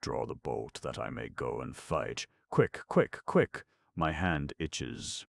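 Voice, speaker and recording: Brief: male narrator as a hulking German soldier, blunt, impatient, heavy accent, gravelly low voice. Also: slow pace, a bit bright, dry recording, full character voice. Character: burly German man-at-arms eager to fight.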